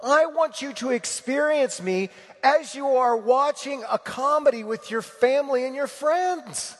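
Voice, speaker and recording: A preacher voicing an earnest, pleading Jesus. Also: male voice, very high voice, big-room sound, voice pushed up, full character voice. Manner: earnest, pleading, emphatic repetition. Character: Jesus speaking lovingly to a listener, male adult.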